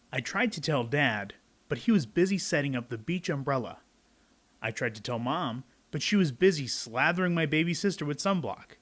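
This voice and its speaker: A man's voice: fairly high pitch, a bit bright. A young adult man reading a picture book aloud to children, adding chatty asides to his young listeners.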